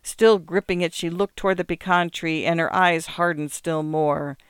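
A woman reading short stories aloud for radio, measured and expressive. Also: lowish voice, clean tone, no room sound, clean studio sound. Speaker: radio reader and host. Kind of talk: scripted narration of short stories.

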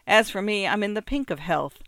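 A man reading an audiobook, voicing a cheerful, soothing older husband with a bright, lively delivery. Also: high-pitched, a little fast, no room sound, studio quality, voice pushed up. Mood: jovial. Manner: jovial, reassuring.

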